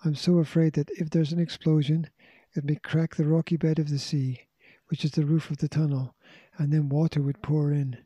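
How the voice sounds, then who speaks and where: A man's voice: a little high, little pitch movement, normal speed, hardly any pauses, warm tone, husky, no room sound, lo-fi sound. A man reading as a despairing scientist father. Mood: worried. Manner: despairing, earnest. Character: worried scientist father, middle-aged.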